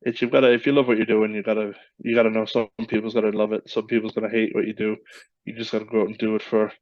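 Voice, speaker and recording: A man with a Newfoundland accent speaks calmly as a podcast guest, his low voice barely rising or falling and often circling back over his own phrases. The audio is muffled and lo-fi, and close and dry with no room sound. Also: racing, dry recording. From Newfoundland, Canada. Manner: easygoing, repeats himself. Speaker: guest, professional wrestler. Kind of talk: casual podcast interview.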